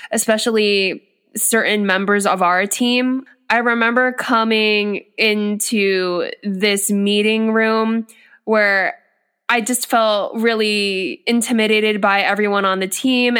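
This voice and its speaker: A young woman telling a story in casual chat, animated and full of "like" fillers. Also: mid-range voice, smooth. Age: young adult. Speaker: podcast co-host.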